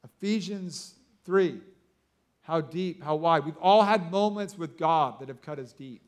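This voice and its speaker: A man in his thirties preaching a sermon, telling stories excitedly with lots of fillers like "like" and "you know". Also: fairly high pitch, a little slow. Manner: excitable storytelling with many fillers. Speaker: pastor.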